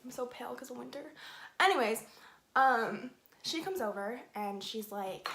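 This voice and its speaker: A young woman tells a long story in a casual, animated way, filling it with "like" as she does her makeup. Her voice sits a bit high. The room around her is echoey. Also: normal speed, gravelly, noisy background. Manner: chatty, animated, lots of "like". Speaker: beauty vlogger.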